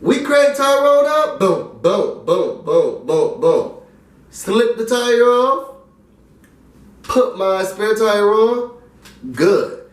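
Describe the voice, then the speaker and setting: Extremely slow and full of long pauses, a young New York vlogger with a high voice tells his story. He stays animated and casual, acting out the lines of the people involved. The audio is roomy, the mic set at a distance.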